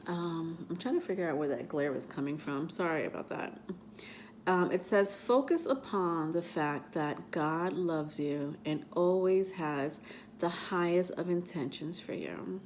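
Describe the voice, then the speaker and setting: Female tarot reader, unhurried and low, rambling and conversational as she reads cards aloud. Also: a little mellow, a little hiss or hum. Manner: chatty, many fillers and restarts, reads card texts aloud haltingly. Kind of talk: casual tarot reading vlog.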